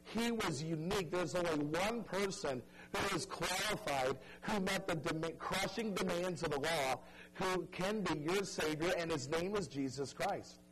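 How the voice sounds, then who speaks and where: A man preaching a sermon, telling a story dramatically and pleading earnestly with his listeners, dropping soft and stretching key words for emphasis. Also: on the high side, measured pace, hardly any pauses, low-quality recording. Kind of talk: evangelistic sermon.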